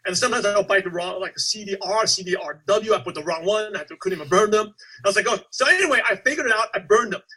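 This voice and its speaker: A man coaches a sales team in a lively motivational talk, slipping into his younger self as he tells stories. His voice sits high and bright, with a husky edge to it. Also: quick pace, low-quality recording. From United States. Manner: animated storytelling, acts out his past self. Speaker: network marketing coach.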